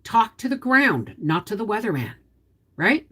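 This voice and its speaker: A woman hosts a casual livestream in a chatty, folksy manner, explaining cooking and gardening tips. Her pitch moves in a lively, animated way as she talks. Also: a little slow, slightly rough. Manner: chatty, explains cooking and gardening while answering viewers' comments; folksy, down-to-earth. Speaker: homestead channel host.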